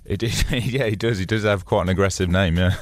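A man's voice: low voice, a little fast, soft background music. A man with a Birmingham English accent being interviewed on radio, answering in a laid-back, modest way with chuckles. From England. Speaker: fighter, radio guest.

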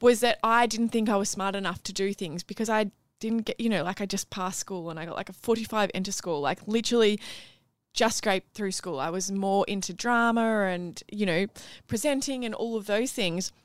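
A woman's voice: medium pitch, normal speed, dry recording. A young woman with an Australian accent, co-hosting a podcast and speaking earnestly and encouragingly in casual chat, with plenty of fillers. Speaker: podcast co-host.

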